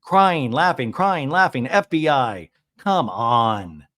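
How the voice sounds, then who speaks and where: A man's voice: medium pitch, very animated, slow, a bit bright. A man imitating a sarcastic woman reality star speaking in a confessional.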